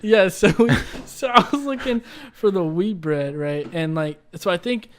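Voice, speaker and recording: Unhurried and sitting high in pitch, this young man's voice carries slight background noise as he co-hosts a casual podcast. His story rambles with fillers and asides, peppered with "like" and "right?", and he laughs while telling it.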